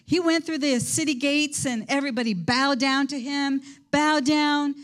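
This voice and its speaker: A woman's voice: high-pitched, fairly even intonation, normal speed. A woman teaching a Bible lesson in an enthusiastic, rambling preaching manner. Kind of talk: sermon.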